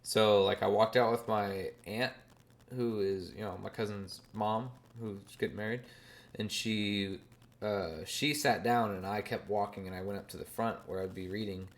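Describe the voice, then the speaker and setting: A man in his twenties, a podcast host telling a story in a casual, animated way, swearing and using slang freely. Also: fairly low pitch, moderate pace.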